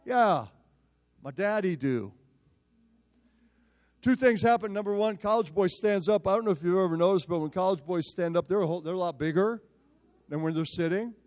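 Male pastor, self-mocking storyteller, slightly high voice, lively sermon delivery. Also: moderate pace, pauses often.

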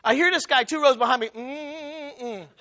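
A man's voice: very high voice, racing. A man preaching a sermon, telling a story and acting out both sides of the conversation. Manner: animated, acts out both sides of a dialogue.

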